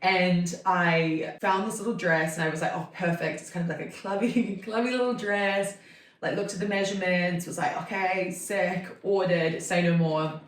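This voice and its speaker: A woman's voice: lowish voice, moderate pace, recorded from a distance. Woman in her thirties telling a chatty story. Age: 30s. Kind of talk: casual chat. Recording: echoey room, voice off-mic.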